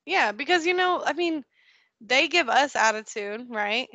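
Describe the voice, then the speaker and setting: Thirtysomething mom type talking frankly on a podcast, bright voice, pretty high, dry close sound. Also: female voice, expressive, measured pace, no room sound. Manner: candid, laughs often, emphatic. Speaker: podcast guest. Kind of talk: casual conversation.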